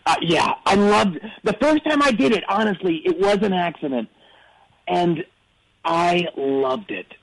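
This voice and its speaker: A man's voice: sits high, animated, measured pace, gravelly, heavily acted, low-quality recording. A man on a comedy call-in show impersonating an aging male rock star who rambles through earnest, absurd boasts. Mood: rambling. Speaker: caller. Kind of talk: comedic impression on call-in radio.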